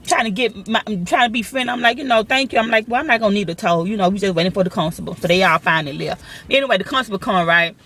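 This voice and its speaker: A woman telling a personal story to her viewers in a casual, profane, animated way, her voice jumping high when she quotes herself. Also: quick pace.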